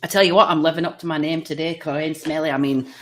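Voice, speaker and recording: A woman's voice: sits low, steady tone, quick pace, fairly bright tone, a little hiss or hum. A Scottish woman hosting a casual live-stream show, bubbly and cheeky, laughing often. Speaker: livestream show host.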